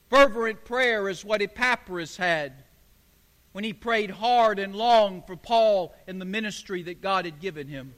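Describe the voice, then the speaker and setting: A man's voice: sits high, unhurried, fairly bright tone, long reverb tail. A man preaching a sermon as pastor, emphatic and building phrase on repeated phrase.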